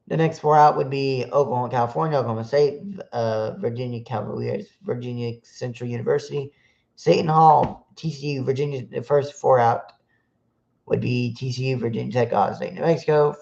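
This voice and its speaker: A man's voice: mid-range voice, gravelly, warm tone. A man hosting a solo sports podcast stream, reading off team matchups with frequent fillers and restarts. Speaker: podcast host. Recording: dull lo-fi sound.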